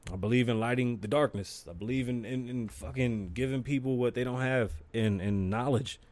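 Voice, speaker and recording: Speaking at a normal pace in a mid-range voice, a man hosts his own podcast and tells stories with plenty of energy. His delivery is casual and profane, and there's no room sound.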